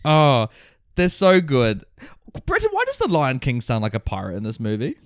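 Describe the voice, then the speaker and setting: Lively excitable man, close dry mic. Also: moderate pace, no echo. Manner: excitable, swings up and down in pitch, laughs and swears often. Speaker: podcast co-host reviewing a film. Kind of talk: casual chat.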